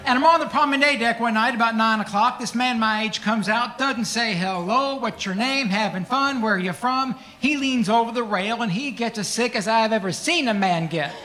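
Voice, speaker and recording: High-voiced middle-aged comedian. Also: male voice, brisk, hardly any pauses. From Kentucky, USA. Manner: folksy, deadpan punchlines. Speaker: stand-up comedian. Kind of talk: stand-up comedy storytelling.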